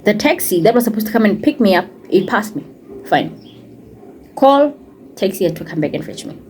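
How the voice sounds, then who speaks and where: A woman's voice: mid-range voice, normal speed, slight background noise. A young woman with a Setswana-accented English, telling a personal story in a casual vlog and acting out what others said, slipping into Setswana phrases. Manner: animated retelling, acting out what others said, code-switching into Setswana. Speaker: vlogger and former teacher.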